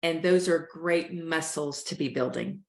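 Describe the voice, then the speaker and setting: A woman coaches listeners through a breathing exercise at a calm, steady pace. Her voice sits a little low. The recording has a roomy echo. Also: unhurried, creaky. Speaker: host, life coach. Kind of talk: guided breathing instruction.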